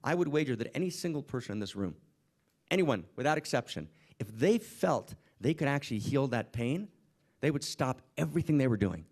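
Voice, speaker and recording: A man's voice: medium pitch, animated, brisk, darkish tone. A man giving an impassioned inspirational talk to a summit audience, full of rhetorical questions and repeated "right?". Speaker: speaker at a summit. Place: conference room with audience.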